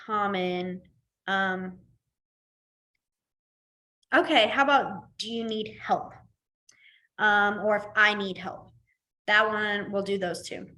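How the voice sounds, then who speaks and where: A woman's voice: mid-range voice, bright, forceful tone. A young woman teaching a casual class, chatty, with frequent laughs and fillers. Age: young adult. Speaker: sign language teacher.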